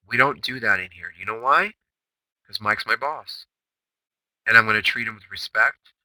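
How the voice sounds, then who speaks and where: A man's voice: on the low side, bright, forceful tone, dry recording, rough recording. Brash man hosting a trading chatroom. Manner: brash, emphatic, rhetorical questions, profanity. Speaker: day-trading chatroom host. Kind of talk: recorded trading session recap.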